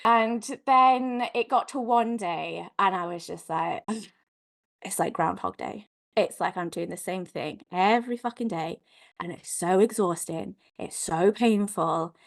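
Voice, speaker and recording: Woman, podcast guest, candid and expressive, mid-pitched, chatty storytelling with loose slang. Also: a little slow, gravelly. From Wales. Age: adult mother. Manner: frank, expressive, peppered with "like" and mild swearing.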